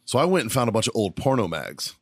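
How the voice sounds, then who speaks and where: A man's voice: fairly low pitch, very animated, quick pace, no room sound, studio quality. A middle-aged man, a podcast co-host, telling a profane story in a laughing, casual way.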